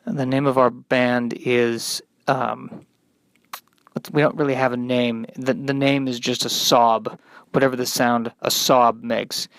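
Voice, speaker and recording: A man voicing a gloomy male alt-rock singer who mumbles and sighs quietly. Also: medium pitch, little pitch movement, slow, dry recording. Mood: mopey.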